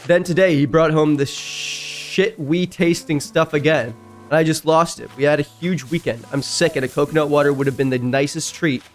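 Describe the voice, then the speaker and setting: A man streaming a game, reading stories aloud and breaking in with loud, jumpy reactions. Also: fairly even intonation, normal speed. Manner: reacts loudly, jumps high in pitch. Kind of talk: casual reading and commentary while gaming.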